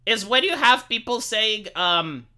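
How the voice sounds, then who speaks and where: A man's voice: sits high, animated, unhurried, sharp tone. A man from Romania, ranting casually to his live-stream viewers, swearing freely and stammering over repeated words. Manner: profane, stammering, repeats words when worked up.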